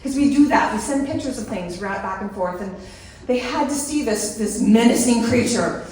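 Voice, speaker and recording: A middle-aged woman telling a story on stage, animated and breaking into laughter mid-sentence. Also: on the high side, moderate pace. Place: large hall at a live event. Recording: echoey hall, picked up from a distance.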